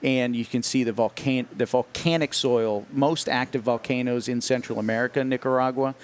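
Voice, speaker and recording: A man's voice: medium pitch, steady tone, normal speed, slight background noise. A man as a studio interview guest, talking about his work in a casual, explanatory way and often repeating words as he thinks. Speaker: guest, cigar company founder.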